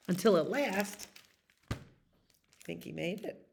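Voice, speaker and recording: A woman's voice: on the low side, lively intonation, slow, vocal fry, long pauses, slightly rough. A woman reading a bedtime picture book aloud as a library storyteller, soothing and asking her listeners questions.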